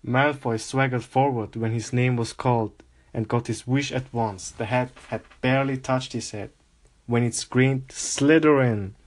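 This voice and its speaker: A man calmly narrating a storybook aloud, with an even reading pace and small slips. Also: mid-range voice, normal speed. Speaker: audiobook reader.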